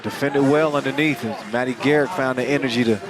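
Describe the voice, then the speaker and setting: A man calling a live game as play-by-play commentator, energetic and jokey. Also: mid-range voice, a little fast. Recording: arena crowd and music behind. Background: cheering crowd and arena music.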